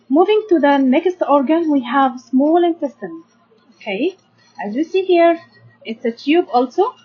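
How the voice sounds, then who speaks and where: A young Egyptian woman teaching primary science, patiently sounding out words syllable by syllable and checking in with her students. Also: sits high. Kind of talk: slow classroom explanation to children. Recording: dull lo-fi sound.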